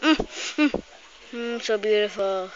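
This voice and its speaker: A woman's voice: mid-range voice, slow. A woman filming her cat and kittens at home on a phone, talking to them in a playful, cooing voice. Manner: cooing, playful baby talk to animals. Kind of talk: casual home video, talking to pets. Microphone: phone camera. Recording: dull lo-fi phone recording.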